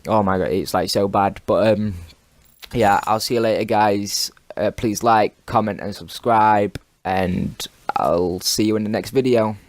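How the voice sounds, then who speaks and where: A man's voice: lowish voice, steady tone, unhurried, no room sound. A teenage boy, telling a long rambling story over gameplay and swearing constantly. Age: teens. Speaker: gaming video commentator.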